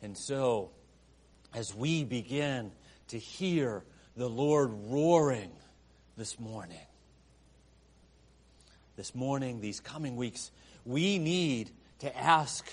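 A man preaching a sermon after an opening prayer, moving between soft, hushed lines and loud, emphatic ones. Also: medium pitch, very animated, slow, pauses often. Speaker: pastor.

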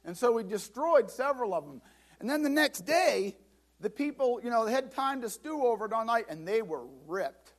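High-voiced pastor guy preaching, gets dramatic acting out bible scenes, repeats himself a lot. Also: animated, moderate pace. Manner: repeats words and restarts. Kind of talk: sermon.

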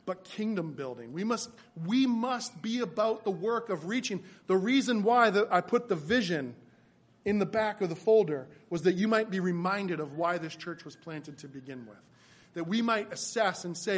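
A man's voice: high voice, lively intonation, normal speed. A man preaching a sermon, earnest and emphatic, often repeating his phrases for weight. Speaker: pastor.

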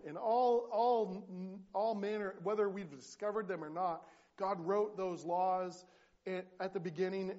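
Pastor guy preaching, earnest, stumbles and restarts a lot, slightly high voice, muffled lo-fi sound. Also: a little mellow. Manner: earnest, halting storyteller with many restarts. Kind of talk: sermon.

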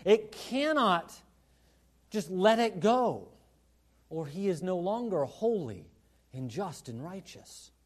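A man preaching a sermon as pastor, in a conversational style full of asides, moving between hushed and emphatic delivery. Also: high voice, very animated, slow pace, pauses often.

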